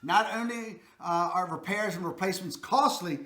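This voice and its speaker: A man's voice: high voice, moderate pace, reverberant, noisy background. A man with a Baltimore accent hosting a real estate video, giving folksy, emphatic advice straight to viewers. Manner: folksy, emphatic, repeats "that's a fact".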